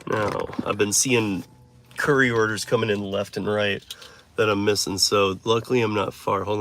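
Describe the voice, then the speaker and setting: A man's voice: lowish voice, fairly even intonation, normal speed, background noise. A middle-aged man from Michigan with a Michigan accent, chatting casually on a live stream while driving, rambling and restarting his sentences. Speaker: delivery driver livestreamer. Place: inside a vehicle. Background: music playing.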